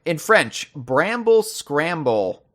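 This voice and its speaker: A man hosting a casual podcast chat. He teases his guest with playful, deadpan jokes. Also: a little high, very slow. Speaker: podcast host.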